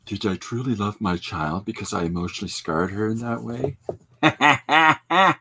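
A man in his forties hosting a podcast, telling rambling, self-deprecating stories in casual chat, with halting restarts and frequent laughs. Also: on the low side, pushed and bright, a little hiss or hum. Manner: halting restarts with many fillers. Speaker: podcast host and artist.

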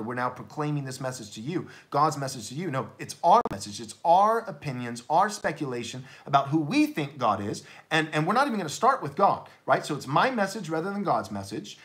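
A man preaching a sermon as pastor, blunt and emphatic, often restarting his words in quick repeats. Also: mid-range voice, a bit bright.

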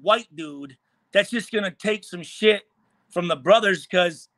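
Forties guest from Michigan, high-pitched, swears freely while storytelling. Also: male voice, measured pace, a bit bright, dry recording. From Michigan, USA. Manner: profane, heated, acts out quoted lines. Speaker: guest, former pro football player. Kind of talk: animated storytelling.

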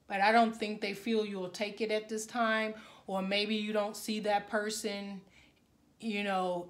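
A woman's voice: medium pitch, reverberant. A woman giving a casual tarot reading straight to her viewers, emotional and full of exclamations. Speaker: tarot reader.

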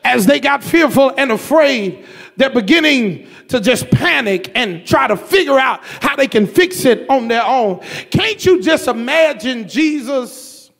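A male pastor delivers a sermon in a church. His voice sits extremely high and carries a gravelly rasp. He preaches in a rhythmic, repetitive cadence that breaks into shouted bursts. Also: expressive, unhurried.

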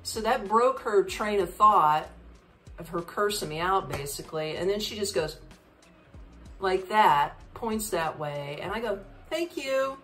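A woman's voice: medium pitch, unhurried, recorded from a distance, soft background music. A woman hosting a podcast, telling a travel story in a chatty way and acting out the dialogue. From United States. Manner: animated, chatty, acts out dialogue. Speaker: podcast host.

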